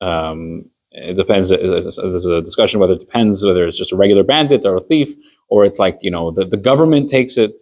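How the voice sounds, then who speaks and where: With a low, darkish voice and a fairly quick pace, a rabbi leads a relaxed lesson on Jewish law. He works through ordinary hypothetical scenarios in a conversational way, performing small bits of quoted dialogue.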